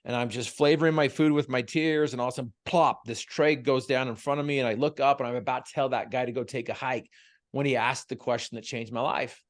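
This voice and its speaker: Guy telling his story, earnest and emotional, stumbles and repeats words a lot, middle pitch. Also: fairly even intonation, fast talker. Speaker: guest, motivational speaker. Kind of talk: heartfelt storytelling.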